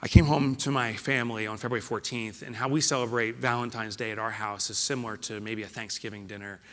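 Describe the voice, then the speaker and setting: A middle-aged man, a keynote speaker, tells a personal story in a motivational speech to a live audience, moving between loud emphasis and hushed, emotional lines. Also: lowish voice, steady tone, fast talker. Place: large hall before a live audience. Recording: reverberant hall.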